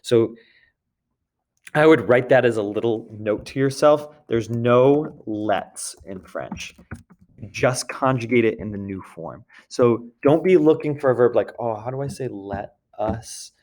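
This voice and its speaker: A man's voice: medium pitch, a little slow, darkish tone. Patient man teaching a grammar lesson. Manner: patient, repeats points, checks in with "d'accord". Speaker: French teacher. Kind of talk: recorded classroom grammar lesson.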